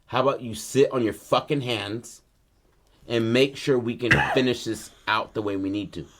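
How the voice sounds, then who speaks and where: A man's voice: medium pitch, moderate pace, background noise, lightly acted. A man voicing a stern middle-aged father who barks curt orders and curses at his son. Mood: angry.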